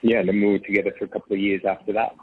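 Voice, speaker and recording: Husky man on a tinny line. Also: lowish voice, flat delivery, racing, no room sound. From Australia. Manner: rambling with frequent restarts and soft laughs. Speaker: interview guest. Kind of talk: casual conversational storytelling. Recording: tinny phone-like line, dry.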